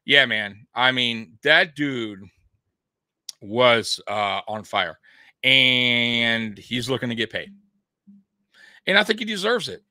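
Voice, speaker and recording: Ranting, bright-voiced sports fan host. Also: male voice, medium pitch, takes it slowly, pauses often, no room sound, studio quality. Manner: animated, ranting, swears and laughs. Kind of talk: casual fan commentary.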